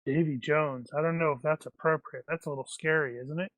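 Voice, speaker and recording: A man playing a tabletop role-playing game, bantering and joking with the group. His voice sits a little high and sounds bright, recorded dry and close. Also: steady tone, fairly quick, dry recording, low-quality recording. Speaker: player. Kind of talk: casual tabletop play.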